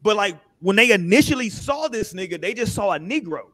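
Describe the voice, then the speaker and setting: A man's voice: sits high, fairly quick, no room sound. An American man hosting a casual panel podcast, telling stories with lots of acted-out quotes. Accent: American English. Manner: animated storytelling, acts out quotes. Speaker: podcast host.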